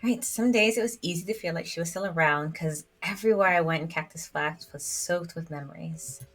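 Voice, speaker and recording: Over faint background music, a woman with a lowish voice reads a story game's dialogue on stream, going a little fast. She keeps it giggly and chatty, with plenty of "like" thrown in.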